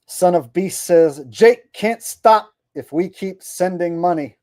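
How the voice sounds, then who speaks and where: A man with a high, slow, mellow voice hosts a livestream, heard in a dry recording. He reads viewers' super chats aloud in mock voices and launches into blunt, profane, exasperated rants in casual stream chatter.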